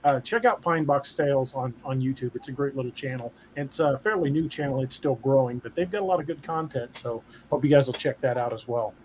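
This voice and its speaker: A man hosting a podcast livestream, reading viewer comments and giving shout-outs in an upbeat way. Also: medium pitch, a little fast, few pauses, a little hiss or hum. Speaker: podcast host.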